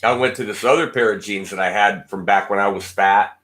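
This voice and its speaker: A man hosts a casual livestream and rambles from one story to the next. His voice sits low but has a bright, forceful edge. He answers viewer comments with blunt jokes. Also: brisk. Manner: rambling, chatty, talks back to viewer comments; joking and blunt. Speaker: guitar channel host.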